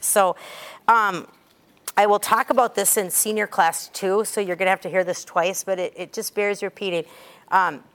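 A woman in her sixties, a cheer coach giving a talk to a group, telling stories in a chatty, animated way. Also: on the low side.

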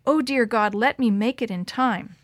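A woman's voice: a little high, normal speed, no room sound, close to an everyday voice. A woman reading brave young Kate, earnest. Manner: earnest, pleading, shouting over the wind.

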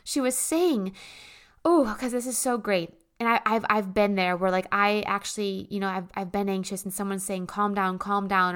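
A woman's voice: mid-range voice, fairly bright tone. A woman hosting a self-help show, talking to listeners in a bubbly, chatty monologue full of fillers and asides. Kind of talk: casual motivational monologue.

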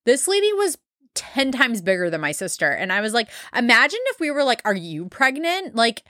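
A woman's voice: a little high, big pitch swings, fairly quick, bright, forceful tone, dry recording, studio quality. A young woman hosting a podcast, telling a story in casual chat, full of fillers and blunt swearing. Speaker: podcast host.

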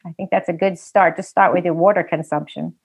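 A woman with a New York accent, a health specialist guest on a casual podcast interview, giving brisk, emphatic advice. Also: on the low side, fairly even intonation, gravelly, breathy edge.

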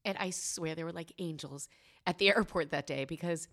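A woman's voice: sits low, moderate pace, a bit bright. A woman in her thirties telling a personal story about single parenthood and giving advice, candid and emotional, with many fillers.

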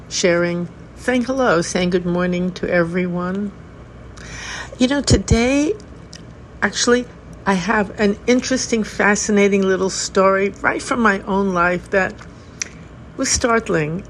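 An older woman, a Zen teacher hosting her own podcast, giving a reflective talk in a gentle, unhurried way with soft laughs. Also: mid-range voice, a little hiss or hum, rough recording.

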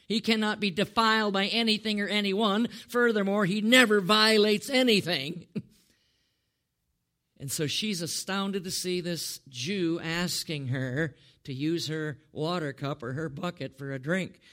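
High-voiced animated preacher. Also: male voice, unhurried. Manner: animated, rhetorical questions, chuckles often, addresses listeners by name. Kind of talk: sermon.

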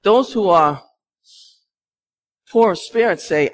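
A man preaching a sermon as pastor, talking in a conversational, animated way and telling stories with laughs. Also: on the high side, moderate pace. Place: church sanctuary.

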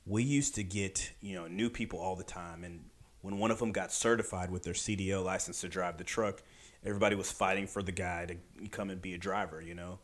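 Man, low voice, casual animated storyteller; emphatic, acts out the people he quotes. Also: brisk. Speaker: podcast storyteller.

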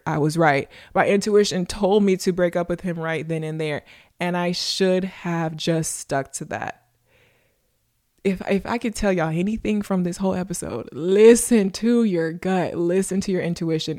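A woman's voice: lowish voice, a little mellow, no room sound, studio quality. Candid young woman telling a story. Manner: candid, emphatic, repeats points for stress. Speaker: podcast host. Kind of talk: casual storytelling monologue.

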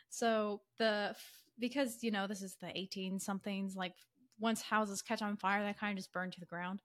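A woman podcast co-host casually retelling a story, animated and full of fillers, acting out characters' lines in quick quoted voices. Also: mid-range voice. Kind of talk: casual chatty story summary.

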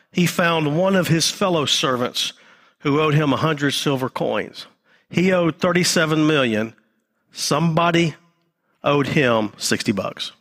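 Pastor preaching live, fairly high voice, repeats stuff and goes quiet low for emphasis. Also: male voice. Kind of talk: sermon. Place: church.

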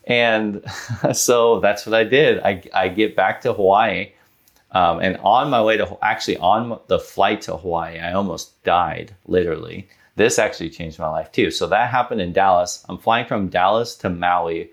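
A man in his thirties, a podcast guest telling a personal story in an earnest, animated way, with many fillers like "like". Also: low-pitched, moderate pace. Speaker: guest, business owner.

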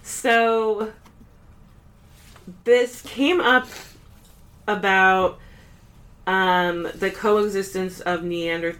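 A woman co-hosting a podcast, chatting loosely and taking her time over each thought. She giggles often and drifts between ideas, with a curse dropped here and there. Her pitch sits in a middling range. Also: fairly even intonation, very slow, long pauses, fairly bright tone. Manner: giggly, rambling, swears casually. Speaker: podcast co-host. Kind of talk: casual chat.

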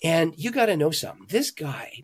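A man, a pastor and author, telling stories in an interview with animated emphasis, swinging between loud, excited lines and hushed ones. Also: on the high side, brisk, breathy edge. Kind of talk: conversational storytelling.

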